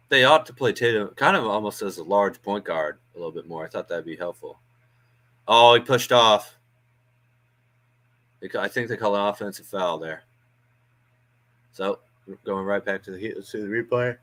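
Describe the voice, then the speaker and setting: Male fan host, lower register, loose chatty play-by-play with filler words. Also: normal speed, long pauses, fairly bright tone. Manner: chatty, thinks aloud with frequent ums and uhs. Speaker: watch-along host doing play-by-play. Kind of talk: casual live play-by-play commentary. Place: home watch-along stream.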